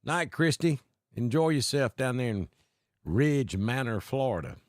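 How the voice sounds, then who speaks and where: A man from Alabama with a Southern accent tinged with north Georgia mountain talk, hosting a live weather stream in a folksy, unhurried way and greeting viewers by name. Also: mid-range voice, big pitch swings, no room sound, studio quality. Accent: Southern US, Alabama with north Georgia mountain mix. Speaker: weather livestream host.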